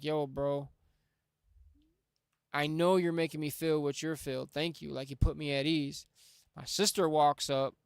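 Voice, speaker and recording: Male livestream host, earnest casual storyteller, smooth tone, slightly high, dry studio mic. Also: dry recording. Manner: earnest, heartfelt, slangy with frequent "like" and "bro". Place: home music studio. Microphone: studio microphone.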